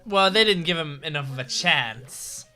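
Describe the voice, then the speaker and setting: A man's voice: a little high, animated, moderate pace, bright, forceful tone, faint music behind. A man hosting an anime reaction video, chatting casually, rambling and correcting himself, hiccuping as he talks. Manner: rambling, self-correcting, laughs often.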